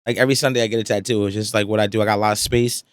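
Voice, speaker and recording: Casual young guy on a podcast, talks fast and loose, dry sound. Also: fairly low pitch, steady tone, clean tone, dry recording. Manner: laid-back slangy talk, quick and rambling. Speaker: podcast guest, rapper. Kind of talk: casual chat. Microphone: studio podcast mic.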